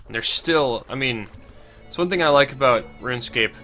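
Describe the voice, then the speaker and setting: Sarcastic stuffed-up man, bright voice. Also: medium pitch, moderate pace, faint music behind. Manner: dry and sarcastic. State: stuffed-up nose from a cold. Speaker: gaming channel host. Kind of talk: casual game commentary.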